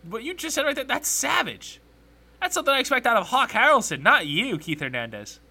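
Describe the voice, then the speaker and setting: Excitable, bright-voiced young male podcaster. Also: very high-pitched, a little fast, vocal fry, slightly rough. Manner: opinionated, excitable, corrects himself often. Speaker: sports podcast host. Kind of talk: solo sports rant podcast.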